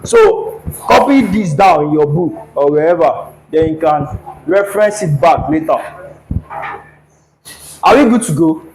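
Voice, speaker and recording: A man's voice: on the high side, animated, a little slow, a little mellow, a little hiss or hum, rough recording. A man teaching a classroom engineering lecture at a board, who keeps repeating his questions so the students will answer.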